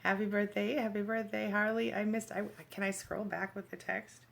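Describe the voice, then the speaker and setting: Her voice is mid-range and a bit bright, with vocal fry and little pitch movement. She's running a casual phone livestream, greeting viewers by name, reading their comments aloud, laughing readily and speaking in fast bursts.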